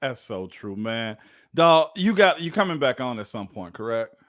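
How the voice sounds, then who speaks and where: A man's voice: mid-range voice, very animated, moderate pace, a bit bright, dry recording, clean studio sound. A man hosting a podcast, teasing his guest in slangy, casual banter. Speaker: podcast host, former offensive guard.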